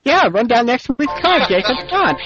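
A man with a high, very lively voice hosts a loose chat among friends, often breaking into laughter as he keeps things moving. His sound is dull and lo-fi. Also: fairly quick, over loud music. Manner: laughs easily, steers the talk. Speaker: podcast host. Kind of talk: casual group chat on a wrestling radio show.

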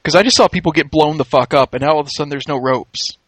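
A man's voice: fairly high pitch, quick pace, fairly bright tone, breathy edge, no room sound. A man hosting a casual podcast chat, wry and joking, often laughing. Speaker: podcast host recapping a wrestling show.

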